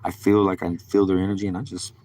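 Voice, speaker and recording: A man with a deep, low voice rambles through his stories in casual street slang, cursing freely as he goes. He talks to a live stream audience in a loose, wandering way, with a faint hiss behind him. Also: level tone, fast, dark tone.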